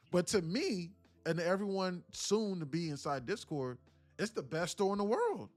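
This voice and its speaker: Faint music runs behind an unhurried man hosting a livestream on day trading. Loose and slangy, he animatedly plays out little scenes with voices, but goes quiet and mumbles while going over the chart.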